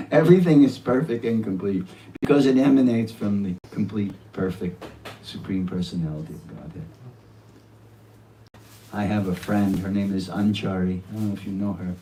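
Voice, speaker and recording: A man's voice: on the low side, recorded from a distance, slight background noise, poor audio. A man in his seventies giving an earnest devotional talk at a home gathering. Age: 70s. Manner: earnest, with warm laughter and quoted asides. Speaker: speaker at a devotional home program.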